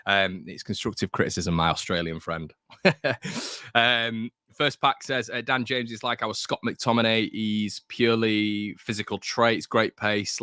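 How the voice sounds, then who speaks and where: A man's voice: fairly low pitch, bright, forceful tone, no echo, clean studio sound. Chatty man hosting a fan stream. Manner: chatty, reads out viewer comments, opinionated. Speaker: fan channel host. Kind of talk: casual live-stream chat.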